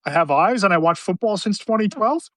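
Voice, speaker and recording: A man's voice: high-pitched, animated, brisk, fairly bright tone, no echo. A man hosting a sports podcast, talking in an emphatic, opinionated way about coaches. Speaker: podcast host. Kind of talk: casual sports talk.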